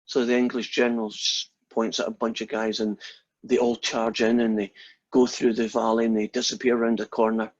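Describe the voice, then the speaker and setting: Husky Scottish lecturer telling jokes. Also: male voice, mid-range voice, level tone, brisk, highs cut off. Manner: chatty, storytelling, self-deprecating. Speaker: math lecturer. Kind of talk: casual lecture chat with jokes.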